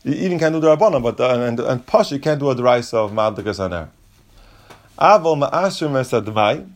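A man's voice: mid-range voice, lively intonation, brisk. A man teaching a Talmud lesson, reading Aramaic and Hebrew phrases and restating each point step by step in plain English.

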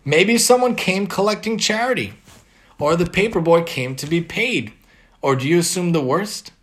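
A man's voice: sits high, expressive, moderate pace, fairly bright tone. A man earnestly giving a religious moral lesson and reading a story aloud. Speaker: religious teacher.

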